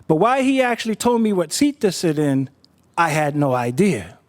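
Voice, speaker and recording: A man's voice: a little high, sing-song, moderate pace. A man telling a personal story to an audience, conversational and doubling back on his words. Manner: conversational, repeats words while thinking.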